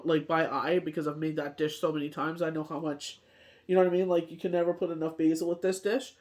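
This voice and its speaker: A woman with a cold, reading tarot cards in a rambling, chatty way and often asking whether the listener follows. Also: fairly low pitch. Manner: rambling, chatty, constant "you know what I mean". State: has a cold, short on sleep. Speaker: tarot reader. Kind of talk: casual daily tarot reading.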